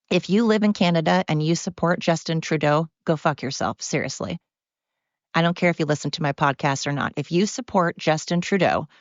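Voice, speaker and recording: A woman's voice: on the low side, no room sound, highs cut off. Angry profane woman ranting on a podcast. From United States. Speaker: podcast host. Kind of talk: solo podcast rant.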